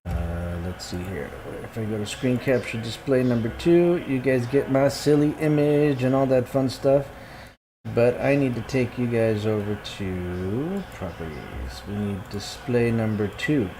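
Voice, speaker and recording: A man's voice: medium pitch, expressive, unhurried, noisy background. A man streaming a game live, chatting casually and thinking aloud as he sorts his gear and menus. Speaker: gaming streamer. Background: guitar music.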